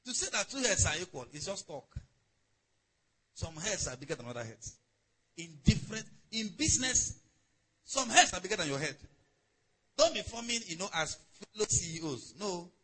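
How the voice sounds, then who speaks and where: A man's voice: high voice, sing-song, normal speed, long pauses, sharp tone, slightly rough, poor audio. A man preaching a sermon in a conversational way, calling on the congregation to respond. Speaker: pastor.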